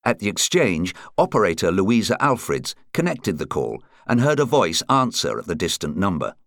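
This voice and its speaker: A man narrating a true-crime audiobook in a measured, atmospheric reading style. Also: sits low, very animated, a bit bright, no echo, studio quality.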